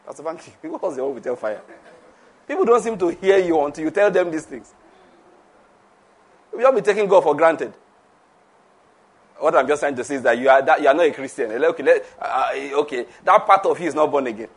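A man's voice: a little high, expressive, brisk, long pauses, husky. A man preaching a conversational sermon, laughing often, repeating himself and asking the audience questions.

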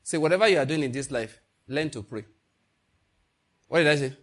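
A man's voice: on the high side, fairly quick. A man preaching a sermon to his congregation, acting out little dialogues and laughing along the way. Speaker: pastor.

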